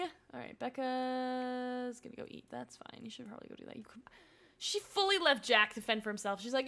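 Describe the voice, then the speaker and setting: A young woman chatting through her gameplay on a live stream, excitable and gushing, often talking to the game characters. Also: high-pitched, normal speed, gravelly.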